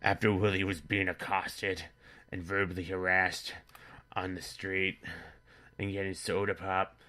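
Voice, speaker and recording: A man's voice: low voice, level tone, unhurried, sharp tone. A man telling an absurd, crude comedy story in a rambling way as the show's narrator.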